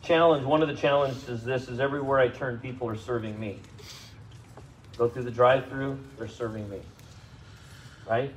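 A man preaching a sermon to a congregation, speaking conversationally, asking them questions and rising in pitch and volume for emphasis. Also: fairly even intonation, moderate pace, long pauses, dull audio, a little hiss or hum. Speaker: pastor. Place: church service.

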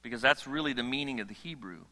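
A male pastor delivers a sermon in a large church hall, his voice very bright and forceful. He talks in an animated way, drops joking asides and restarts his phrases often. A long reverb from the hall trails behind his words. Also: medium pitch, quick pace.

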